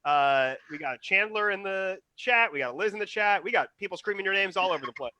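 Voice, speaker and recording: A man's voice: high voice, expressive, fairly quick, bright, forceful tone, no room sound. A man co-hosting an online improv comedy show, gathering audience suggestions in an upbeat, announcing way over a video call. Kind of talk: livestream host banter.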